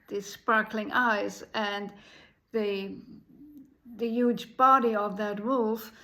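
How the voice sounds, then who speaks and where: A woman telling a folk tale in an unhurried way, pausing often. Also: on the high side, fairly bright tone, rough recording. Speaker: storyteller.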